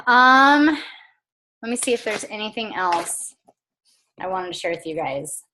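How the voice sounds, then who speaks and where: A woman's voice: mid-range voice, very animated, a little slow, sharp tone, slight background noise. A woman, likely in her thirties, coaching her team on a casual motivational call, chatty and earnest with frequent fillers.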